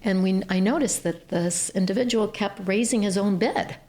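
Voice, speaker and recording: A woman from Ohio, a nonprofit CEO, telling stories as a guest on a podcast interview in an earnest, animated way. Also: medium pitch, moderate pace.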